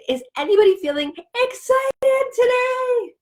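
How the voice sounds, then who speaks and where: A young woman hosting a children's story time, speaking in a slow, sing-song, exaggerated way for young kids. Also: high-pitched, big pitch swings. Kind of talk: children's sing-along lesson.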